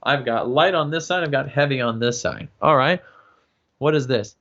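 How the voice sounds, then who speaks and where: A man's voice: mid-range voice, moderate pace, sharp tone. A man teaching singing in a casual livestream, explaining with lots of fillers and checking in with "yeah?" and "right?". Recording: dull lo-fi livestream audio.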